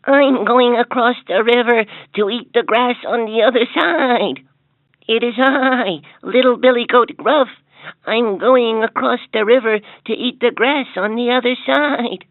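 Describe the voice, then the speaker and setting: A man voicing a small, young billy goat with a high, light voice, on a tinny lo-fi toy speaker. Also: measured pace, no echo. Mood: eager. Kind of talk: storybook character voice.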